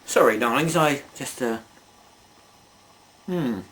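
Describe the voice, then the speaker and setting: A man's voice: mid-range voice, takes it slowly, a bit bright. A man reviewing toys in a casual video, rambling and chatty, full of asides and self-mocking jokes. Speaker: toy reviewer.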